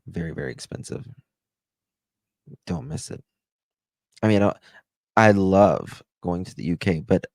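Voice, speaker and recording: Man, low gravelly voice, unhurried, rambling livestream chat, dry close sound. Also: a little mellow, no room sound. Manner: rambling, chatty, fills with "uh" and "like". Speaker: livestream host. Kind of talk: casual livestream chat, thanking viewers.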